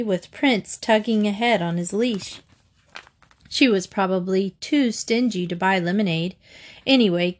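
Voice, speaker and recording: Woman reading a kids book out loud, slow and gentle, mid pitch. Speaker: audiobook reader. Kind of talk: storybook narration read aloud.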